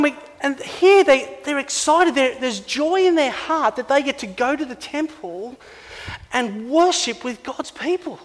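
Australian man, pastor, sermon, high-pitched, animated, acts out scenes, long hall reverb.

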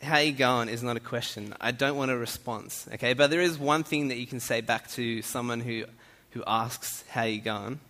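Australian man, humorous stage talk, chatty and playful, tense bright tone, hall reverb. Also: mid-range voice, moderate pace, few pauses. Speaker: speaker addressing an audience. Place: large hall with audience. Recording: echoey hall.

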